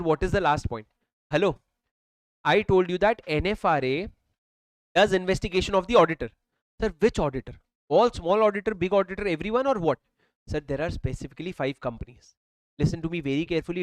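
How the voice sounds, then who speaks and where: A man with an Indian English accent lectures a live class through a mic, his voice sitting high. He hammers each point with emphatic repetition and calls his students "sir". The sound is dry and close. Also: dry recording, poor audio. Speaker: accountancy law teacher. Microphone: handheld or worn mic.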